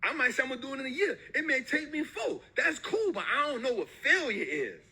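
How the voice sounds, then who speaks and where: A man's voice: very high voice, big pitch swings, quick pace, sharp tone, breathy edge. A man giving an emphatic motivational talk, repeating his points in slangy street talk. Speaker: motivational speaker.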